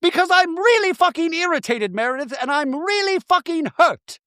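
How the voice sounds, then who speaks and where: A man voicing a frazzled, emotional reality-TV woman in a shrill, exaggerated falsetto. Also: expressive, moderate pace, a bit bright, no room sound, studio quality. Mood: hurt, indignant.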